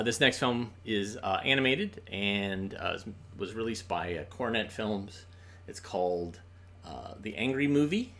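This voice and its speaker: A man's voice: lowish voice, a bit bright. A man hosting a film show, giving easygoing, enthusiastic introductions to old films in a casual chat style.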